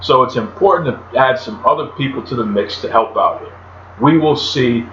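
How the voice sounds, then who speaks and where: A man hosting a solo podcast in a chatty, animated way, talking about himself by name. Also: mid-range voice, normal speed, slight background noise. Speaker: podcast host. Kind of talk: solo wrestling podcast talk. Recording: roomy, dull lo-fi home recording.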